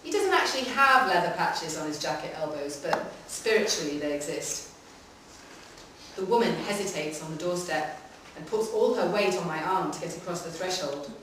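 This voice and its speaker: Low-voiced woman reading in an echoey hall. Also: lively intonation, moderate pace, a bit bright, distant mic, a little hiss or hum. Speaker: reader. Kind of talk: live reading of a short story. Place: public library room.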